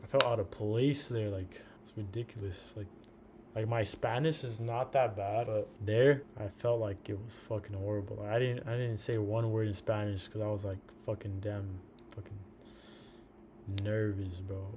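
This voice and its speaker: Man, slight lisp, fairly low voice, casual rambling trade recap, profane. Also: steady tone, moderate pace, slight background noise. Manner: rambling, profane, says "bro" a lot. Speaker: day trader.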